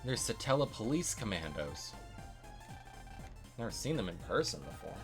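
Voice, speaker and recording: A man's voice: lowish voice, big pitch swings, normal speed, vocal fry. A man streaming a video game, making casual, wry comments while he plays. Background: game music.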